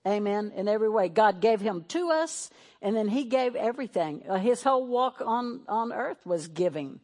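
An older woman pastor with a drawl preaches to her congregation in a church. She reads scripture in a measured cadence, then slips into folksy, chatty asides. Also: medium pitch, lively intonation, a little mellow. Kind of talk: sermon with communion. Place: church sanctuary. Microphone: handheld or podium mic.

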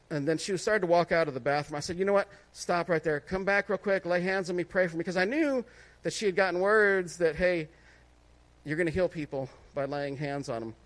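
High-voiced man sharing a conversational testimony. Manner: conversational, laughs often, asks listeners "right?". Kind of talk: testimony sermon.

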